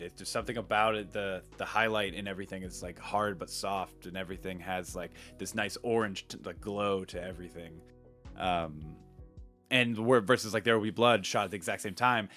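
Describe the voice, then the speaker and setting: A young man co-hosts a casual film podcast in a low voice. He rambles, restarting his sentences and leaning on fillers. Faint music sits behind him. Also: fairly bright tone. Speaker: podcast co-host.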